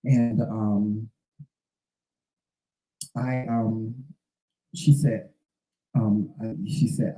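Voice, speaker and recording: Dark-voiced man in his fifties, rambling. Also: fairly low pitch, fairly even intonation, drawn-out words, pauses often, roomy sound, soft background music, low-quality recording. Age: 50s. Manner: rambling, repeats words and restarts often. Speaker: show host. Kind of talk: casual spoken monologue.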